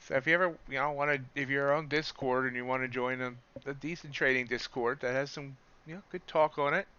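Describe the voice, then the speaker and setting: A man hosting a live trading stream, talking casually in a loose, rambling, self-deprecating way with a smooth radio-style voice. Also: mid-range voice, fairly even intonation, brisk, bright, forceful tone, lo-fi sound. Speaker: livestream trading host.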